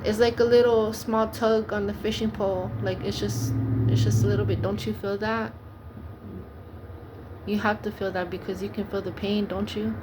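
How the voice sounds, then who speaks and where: Casting: woman preacher, earnest and pleading, steady narrow pitch, noisy recording. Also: normal speed. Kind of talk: informal preaching monologue.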